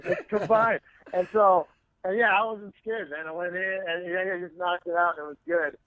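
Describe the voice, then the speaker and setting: Animated, cursing male comic guest, higher voice, tinny dry phone-quality audio. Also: moderate pace, a crowd in the background. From San Francisco area. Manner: animated, profane storytelling with acted-out quotes. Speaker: comedian guest. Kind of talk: storytelling in casual interview.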